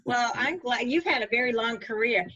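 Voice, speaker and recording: A woman's voice: a little high, a little fast, bright, forceful tone, husky, muffled recording. A woman hosting an interview, reacting with enthusiastic praise. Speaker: host. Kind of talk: interview talk show.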